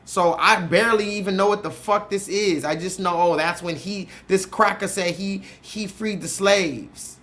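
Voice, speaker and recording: A man's voice: sits high, normal speed, hardly any pauses, a bit bright. A man hosting a livestream, ranting in casual, profane commentary and firing questions at his chat. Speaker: streamer host.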